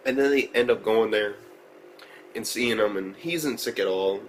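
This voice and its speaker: A man's voice: on the low side, moderate pace, a little hiss or hum, low-quality recording. Profane, slangy male anime reviewer. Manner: profane, slangy, rambling, excitable. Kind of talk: casual video review.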